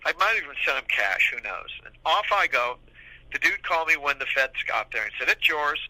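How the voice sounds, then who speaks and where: A man's voice: a little high, a little fast, no echo, low-quality recording. A man in his sixties, a podcast guest telling rambling anecdotes and acting out the people he quotes. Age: 60s. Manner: rambling, animated, acts out quoted dialogue. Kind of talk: casual anecdotal storytelling.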